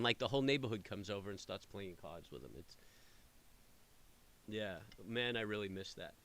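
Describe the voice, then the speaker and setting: Chatty New man, bright voice. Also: lowish voice. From New York area. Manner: rambling, animated storytelling with many fillers. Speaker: trading channel host. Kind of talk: casual chat answering live viewers.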